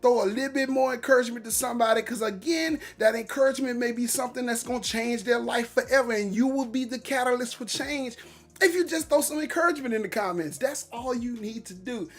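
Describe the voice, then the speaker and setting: A man's voice: extremely high pitch, fast, a bit bright. A man hosting a casual morning livestream, hyped and upbeat, reading out viewer comments with loose, repetitive catchphrases. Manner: hyped, upbeat encouraging talk. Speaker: livestream host.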